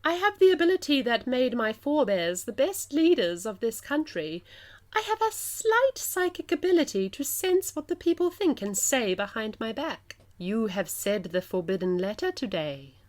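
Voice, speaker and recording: A woman's voice: fairly high pitch, big pitch swings, darkish tone. A woman reading a haughty queen's lines in a plummy posh English accent, grand and imperious. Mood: warning. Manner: plummy, stately, drawn-out delivery.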